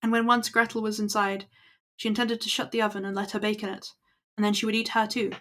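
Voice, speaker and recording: A woman's voice: medium pitch, little pitch movement, fast talker, a bit bright. A woman reading old fairy tales aloud to her stream at an easy pace, with small slips. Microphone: laptop built-in mic.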